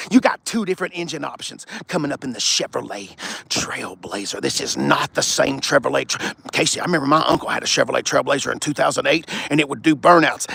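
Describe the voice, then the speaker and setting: Rowdy, gravelly man. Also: fairly high pitch, pushed and bright. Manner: rowdy, joking, swears freely. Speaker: car reviewer hosting a live stream. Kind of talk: casual live car walkaround. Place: outdoor car dealership lot in bright sun.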